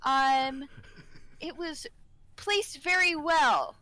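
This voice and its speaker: Woman, high voice, bright tone, casual storyteller, laughs often. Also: extremely slow, rough recording. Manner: laughs often while telling stories. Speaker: podcast co-host, care worker.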